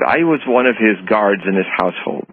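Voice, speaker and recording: Husky-voiced man on a phone line. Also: fairly low pitch, expressive, brisk, no room sound. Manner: rambling, self-correcting anecdotes. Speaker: guest, prophecy author. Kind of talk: casual storytelling interview. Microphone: telephone. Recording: tinny phone line on radio.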